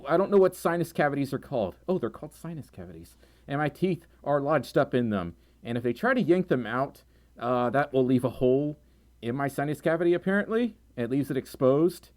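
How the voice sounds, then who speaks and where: A man hosting a casual livestream, excitable and giggly, breaking into sudden high squeals. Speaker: livestream host.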